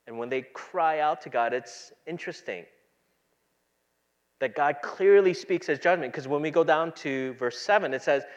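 A pastor preaching a sermon, moving between quiet, low asides and loud, emphatic passages. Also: male voice, normal speed, dull audio.

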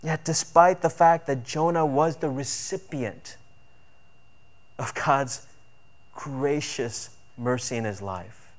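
A man's voice: medium pitch, takes it slowly. A man preaching a sermon earnestly, with emphatic build-ups on key points. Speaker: pastor.

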